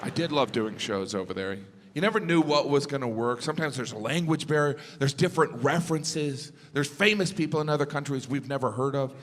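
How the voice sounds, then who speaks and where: A man doing a stand-up comedy set, telling stories deadpan with sudden high exasperated bursts. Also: a little fast, hardly any pauses. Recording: live hall with audience laughter. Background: crowd laughter and room ambience.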